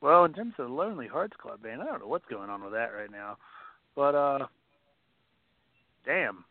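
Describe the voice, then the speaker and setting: A man's voice: medium pitch, animated, moderate pace. A man whose voice moves up and down a lot as he chats, dry and self-deprecating. The sound is thin and phone-like and has no room echo. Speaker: podcast co-host. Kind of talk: casual chat. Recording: tinny phone-like line, dry.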